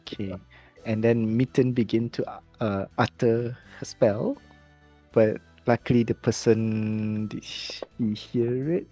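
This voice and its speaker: A man's voice: medium pitch, slow pace, warm tone, soft background music. A man narrating a tabletop game as game master, hesitant, often correcting himself mid-sentence. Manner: hesitant, many restarts and self-corrections.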